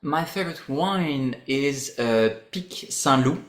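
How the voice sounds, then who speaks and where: A man's voice: medium pitch, slow pace. French-accented man, echoey room. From France. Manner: expressive, searching for words in English. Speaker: guest. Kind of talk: casual interview talk.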